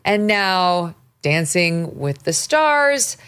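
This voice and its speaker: A woman hosting a talk show, chatting in a sarcastic, mocking way with quick asides. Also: lowish voice, sing-song, fairly bright tone, smooth. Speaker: show host. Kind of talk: opinionated casual talk show chat.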